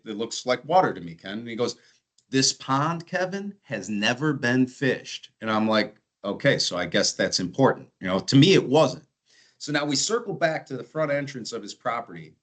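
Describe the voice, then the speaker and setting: A man's voice: mid-range voice, fairly bright tone. A man in his forties telling sales stories in a conversational way, often restarting and adding asides. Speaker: sales trainer. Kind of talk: storytelling sales talk.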